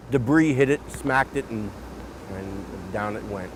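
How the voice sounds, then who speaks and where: A man's voice: on the low side, measured pace, slight background noise. A man vividly describing flood debris in a documentary interview. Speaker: local resident.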